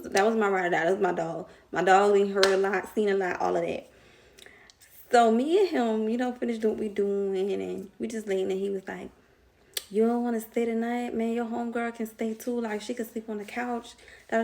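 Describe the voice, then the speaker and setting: Young woman vlogging a storytime, lots of y'all and laughs, kinda gravelly. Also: mid-range voice, darkish tone. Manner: chatty, slangy, laughs often, addresses viewers as y'all. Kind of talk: casual storytime.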